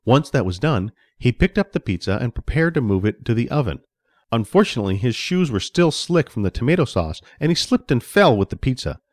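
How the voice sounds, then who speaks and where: A man reading a children's story aloud with expressive storytelling. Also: medium pitch, fairly quick, no echo, studio quality. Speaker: narrator.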